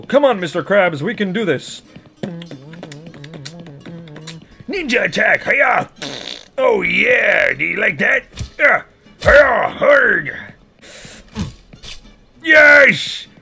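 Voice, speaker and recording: A gruff, greedy old crab boss with salty, pirate-like growls and a high, bright voice that swoops wildly up and down. He narrates a video game in character and yells frantically, and faint music plays underneath. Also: big pitch swings, slow pace, pauses often, exaggerated voice. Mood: gruff excited. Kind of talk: in-character gaming commentary.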